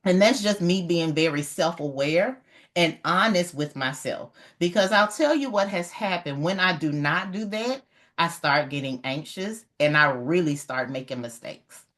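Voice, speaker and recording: A middle-aged woman giving an animated, emphatic motivational talk on leadership, repeating her key points. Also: lowish voice, a little slow. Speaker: leadership educator.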